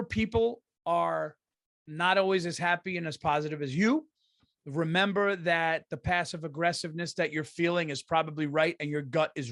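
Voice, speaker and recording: A man's voice: on the high side, no room sound, clean studio sound. Profane, exasperated man telling a story. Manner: profane, exasperated, animated, acts out quotes. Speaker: podcast host. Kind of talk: comedic storytelling rant.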